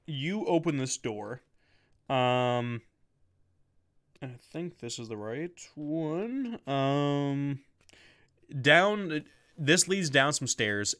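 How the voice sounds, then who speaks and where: A man's voice: medium pitch, pushed and bright. A man narrating as game master of a tabletop game, hesitant, with many ums and restarts.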